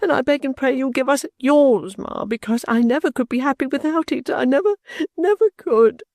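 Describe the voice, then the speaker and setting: A woman voicing a tearful young daughter who sobs and pleads in a high, breathy voice, in an audiobook reading. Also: unhurried, mellow, no room sound, clean studio sound. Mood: sobbing, pleading. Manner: pleading, childlike. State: sobbing. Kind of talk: audiobook character voice.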